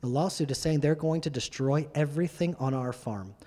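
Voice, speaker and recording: A middle-aged man giving an animated, emphatic testimony as a guest speaker in a church. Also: on the high side, brisk. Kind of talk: sermon-style testimony. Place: church hall. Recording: reverberant church hall.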